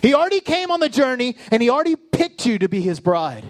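A male pastor preaching a sermon with passion, building up and then dropping into soft, low asides. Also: big pitch swings, fast talker, no room sound. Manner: impassioned preaching with sudden soft, low drops.

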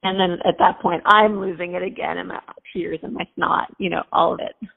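A woman's voice: lowish voice, steady tone, brisk, gravelly, big-room sound. A woman guest telling a heartfelt personal faith story in an earnest, chatty way. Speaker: podcast guest. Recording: tinny phone-like line.

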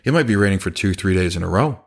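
Low-voiced man telling work stories. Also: lively intonation, fast talker, creaky. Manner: conversational, acts out quoted dialogue. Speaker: business owner. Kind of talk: casual storytelling talk.

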